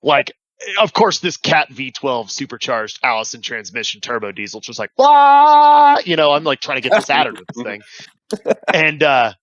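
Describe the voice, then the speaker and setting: A man's voice: mid-range voice, expressive, normal speed, sharp tone, lo-fi sound. A man casually telling profane war stories on a podcast, acting out radio calls. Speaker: veteran guest telling stories.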